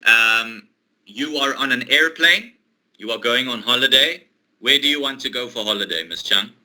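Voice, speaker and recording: A man teaching English one-to-one, explaining a role-play exercise patiently, step by step, with pauses. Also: mid-range voice, expressive, pushed and bright, poor audio. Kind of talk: online one-to-one English lesson.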